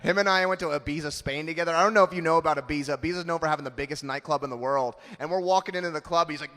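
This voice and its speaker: Man, 30s, stand-up comedian, self-mocking, punchy timing, somewhat high voice, long stage reverb. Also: racing, few pauses, pushed and bright. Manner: punchy, self-mocking delivery with acted-out quotes.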